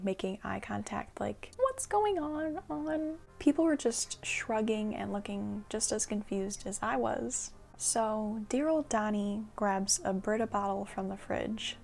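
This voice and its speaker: A young woman in her twenties telling a casual storytime vlog, animated, with laughs and whispered asides. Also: medium pitch. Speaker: storytime vlogger.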